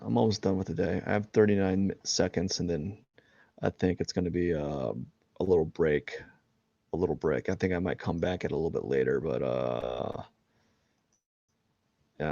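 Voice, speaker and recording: A man's voice: sits low, fairly quick, vocal fry, warm tone, no echo, dull audio. A man chatting casually and rambling with lots of fillers while he live-streams a drawing session. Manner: rambling, filler-heavy, self-mocking.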